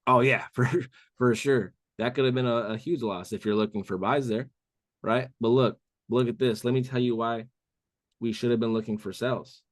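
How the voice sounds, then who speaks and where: On a live call, a trading mentor talks his listeners through a chart in a loose, casual way, calling them "bro" over and over. His mid-range voice has a darkish tone, fairly even intonation and a moderate pace. The studio-quality recording has no room sound.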